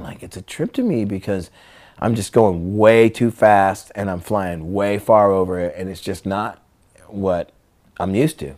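A man's voice: deep voice, steady tone, normal speed, a little mellow. A man telling skateboarding stories in casual chat, acting out his friends' lines and swearing freely. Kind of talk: casual storytelling.

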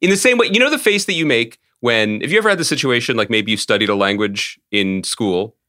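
A man chats on a podcast with a lively voice that swings widely up and down. His tone is bright and forceful, and he laughs and teases his co-host often. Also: mid-range voice, fast talker. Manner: animated, laughing, teasing. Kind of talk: casual chat.

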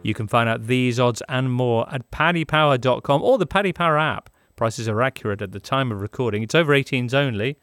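A man's voice: medium pitch, brisk, hardly any pauses, a bit bright, soft background music. A man hosting a podcast, reading ads in a jokey, playful way. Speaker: podcast host. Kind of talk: casual podcast chat and ad read.

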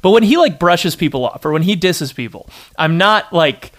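A man with a fairly high voice offers blunt opinions in a relaxed podcast talk. He sometimes laughs as he criticizes. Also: normal speed, hardly any pauses. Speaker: podcast co-host. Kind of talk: casual discussion.

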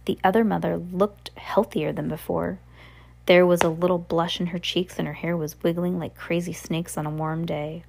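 A woman's voice: on the low side, fairly even intonation, normal speed, gravelly, a little mellow. A woman reading a novel aloud in a casual, unpolished way, correcting herself as she goes. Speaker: reader.

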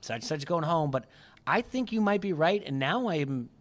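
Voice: medium pitch, expressive, normal speed. A podcast co-host in casual chat who rambles and restarts sentences often while recapping a show.

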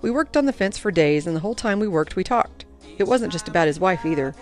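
A woman reading first-person audiobook narration in an earnest, expressive way. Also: on the low side, fast, soft background music.

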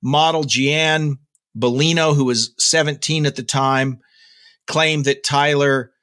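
A man's voice: on the high side, steady tone, slow, fairly bright tone. A man hosting a daily rock news podcast, talking casually with jokey asides and plenty of fillers and restarts. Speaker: podcast host.

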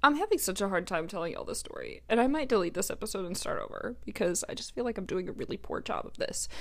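A woman's voice: medium pitch, lively intonation, fast, gravelly. A young woman, hosting a podcast and telling a personal story in a chatty, blunt, profane way, full of "like". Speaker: podcast host.

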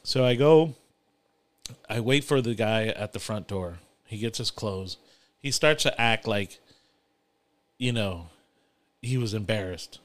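A man's voice: lowish voice, slow pace, long pauses. A young adult man hosting a podcast, telling a story in casual, profane chat. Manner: profane, animated anecdote-telling with laughs. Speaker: podcast host.

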